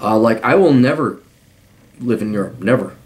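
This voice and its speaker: A man's voice: mid-range voice, expressive, normal speed. A man hosting a podcast, giving blunt, profanity-laced advice in a rambling monologue full of restarts.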